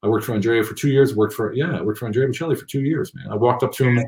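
A man telling rambling, animated anecdotes with many fillers in a casual interview. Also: medium pitch, rapid-fire, reverberant. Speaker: guest.

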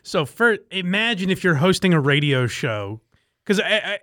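Podcast host, man, slightly higher voice, dry close-miked sound, loose and laughing, curses casually. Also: very animated, moderate pace, sharp tone, no echo. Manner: laughing, loose, swears freely. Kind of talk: casual chat.

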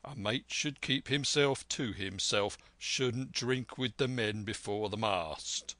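A man voicing a stern, blunt sea captain who talks in a measured, firm way in a storybook reading. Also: on the low side, fairly bright tone, dry recording.

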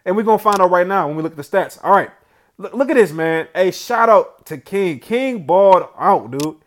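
A man hosting casual gameplay commentary, chatty and excited, with hype slang and shout-outs. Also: high voice, moderate pace. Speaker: gaming channel host.

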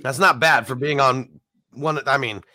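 Male sports podcast host, talky and stat-driven, bright and dry close sound. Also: medium pitch, unhurried, dry recording. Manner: chatty, stat-heavy, filler-laden. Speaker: fantasy football podcast host. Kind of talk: casual sports chat.

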